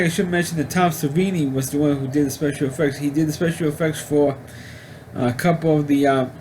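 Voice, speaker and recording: Male film reviewer, higher-pitched, halting and rambling casual delivery. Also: slight background noise. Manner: rambling, halting, with frequent restarts. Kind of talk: casual spoken movie review.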